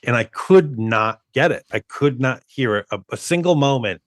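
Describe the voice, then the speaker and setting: Man, podcast co-host, casual movie chat, rambling, restarts a lot, average pitch, dry sound. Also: moderate pace, no echo. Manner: rambling, restarts often, animated.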